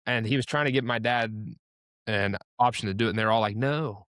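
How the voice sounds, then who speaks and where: A man's voice: fairly low pitch, fairly even intonation, fairly quick, a bit bright, dry recording, studio quality. A young man hosting a casual interview, asking teasing questions and chatting with friends.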